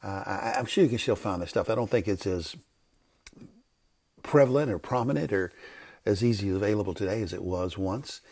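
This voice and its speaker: A man's voice: fairly low pitch, fairly quick, gravelly, a little mellow. An older man, a pastor, talking off the cuff on a devotional podcast, rambling and correcting himself as he goes. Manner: rambling, self-correcting, conversational. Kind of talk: unscripted devotional podcast talk. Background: background noise.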